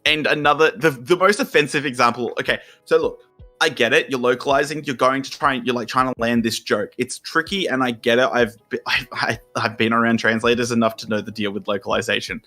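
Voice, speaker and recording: A man's voice: medium pitch, steady tone, brisk, pushed and bright, soft background music. A young Australian man co-hosting a podcast, ranting and explaining at length, with plenty of swearing. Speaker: podcast co-host. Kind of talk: casual chat.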